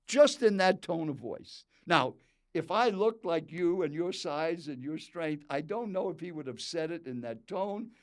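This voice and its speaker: A man's voice: fairly high pitch, a little slow. A man in his eighties, a professional speaker, telling a story in an interview and talking straight to the listener. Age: 80s. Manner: animated storyteller who talks straight to the listener. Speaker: professional speaker and speech coach.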